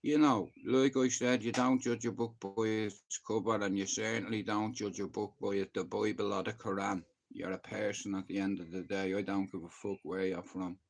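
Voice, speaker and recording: A man's voice: fairly low pitch, level tone, moderate pace, creaky, few pauses. An Irish man telling a story casually on a live stream, rambling and blunt, swearing freely. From Ireland. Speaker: livestreamer.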